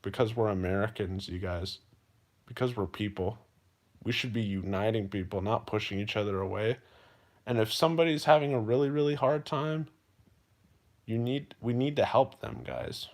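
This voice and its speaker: A man's voice: fairly low pitch, normal speed. A man livestreaming to his viewers, talking earnestly and emotionally, repeating himself and often calling them "you guys". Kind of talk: heartfelt livestream monologue.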